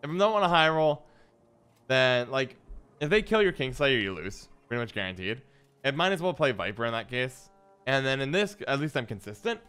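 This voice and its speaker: Animated, smooth-voiced male game streamer. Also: medium pitch, a little fast. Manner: playful, chatty, reads and answers chat aloud. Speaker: streamer playing a card game. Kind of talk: casual live-stream gameplay commentary.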